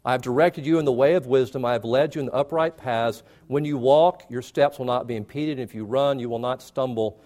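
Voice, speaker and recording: A male pastor preaching a sermon, emphatic and repetitive, rising in pitch to stress key phrases. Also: normal speed, a little mellow.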